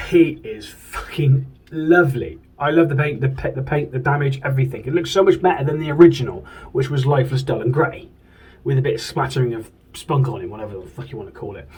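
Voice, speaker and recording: Husky man chatting about collectibles. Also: medium pitch, darkish tone, far from the mic, poor audio. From United Kingdom. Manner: chatty and enthusiastic, swears casually. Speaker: toy collector reviewer. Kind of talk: casual chat. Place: home room.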